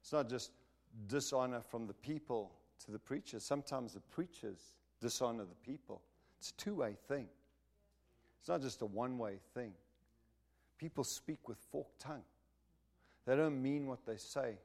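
A man's voice: mid-range voice, moderate pace, gravelly, darkish tone. A man preaching a sermon in an emphatic, punchy way, repeating phrases to drive his points home and asking the listeners whether they understand. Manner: asks the listeners for agreement.

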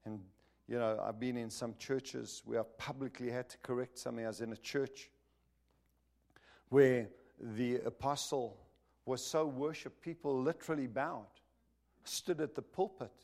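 A middle-aged man preaching from the pulpit in an emphatic, direct way. His voice sits at an ordinary male pitch, climbing loud on the words he stresses and sinking quiet when he turns to prayer. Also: steady tone, measured pace, gravelly. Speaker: pastor. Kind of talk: sermon.

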